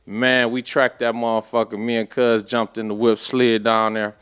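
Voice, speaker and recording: A man's voice: mid-range voice, moderate pace, clean tone. Slangy, profane man telling stories. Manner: animated, profane street slang. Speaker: podcast guest. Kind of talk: casual storytelling.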